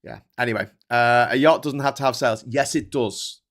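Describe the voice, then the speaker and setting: A man's voice: mid-range voice, normal speed, a bit bright. A man hosting a livestream, reading viewer comments and ranting with heavy swearing and frequent laughter. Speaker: host. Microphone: desk microphone.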